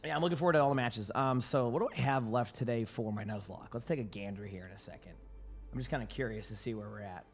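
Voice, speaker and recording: A young man, slightly hoarse from a stretch of commentating, chats loosely with viewers over a streaming mic at his desk. His voice sits at an ordinary middle pitch, and he answers chat questions in a relaxed, rambling way. Faint music plays underneath. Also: fast. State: yawning, sleepy.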